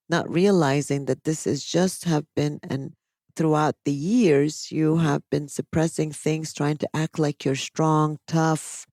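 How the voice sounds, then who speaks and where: A female psychologist hosting a casual podcast discussion explains things at length, turning animated whenever she quotes people. Her voice is deep, and there's no room sound.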